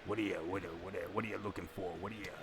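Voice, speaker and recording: A man's voice: level tone, very fast, very noisy. A man putting on a crooning old-timey radio DJ. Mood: smarmy. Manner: low crooning patter with pet names. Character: smooth-talking old-timey male radio DJ. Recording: music playing behind.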